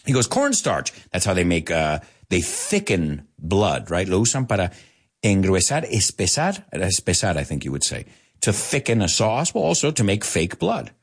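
Animated husky-voiced male English teacher. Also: low voice, normal speed. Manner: animated, explains and repeats words, switches languages. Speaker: English teacher for Spanish speakers. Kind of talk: bilingual language lesson.

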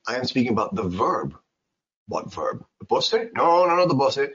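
A man giving an English pronunciation lesson, his voice swinging high and low as he repeats words to drive a point home. His tone is slightly husky, and the recording sounds dull and lo-fi. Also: normal speed. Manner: animated, repeats words for emphasis. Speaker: English teacher. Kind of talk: casual spoken lesson.

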